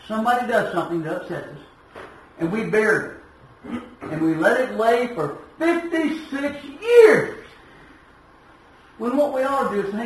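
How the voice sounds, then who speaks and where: A man preaching a sermon in a folksy storytelling way, swinging between shouted emphasis and quiet asides. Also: high voice, expressive, unhurried, pauses often, a little hiss or hum. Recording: echoey room from a distance.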